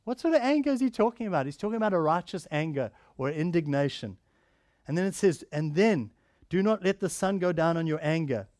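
Earnest high-voiced male preacher, dry sound. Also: no room sound. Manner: earnest preaching, rising to emphatic then dropping soft and quiet. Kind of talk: sermon.

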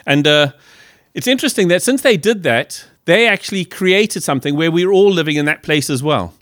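A man's voice: a little high, expressive, a little fast, a bit bright, no echo, studio quality. A middle-aged man from Liverpool preaching a sermon in a conversational way, stumbling and restarting often while asking the congregation questions. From Liverpool, England. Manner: conversational with many restarts and fillers.

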